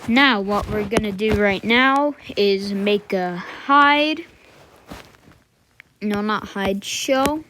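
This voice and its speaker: There's background noise as this woman, a mid-range voice moving very slowly, thinks aloud through a casual coding tutorial. She fills gaps, fixes her own slips, and mutters little asides while working at her computer.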